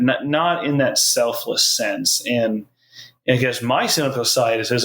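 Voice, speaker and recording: A man's voice: mid-range voice, unhurried, a bit bright, rough recording. Male podcast guest, mid-range voice, thoughtful casual film talk. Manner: thoughtful, restarts mid-sentence.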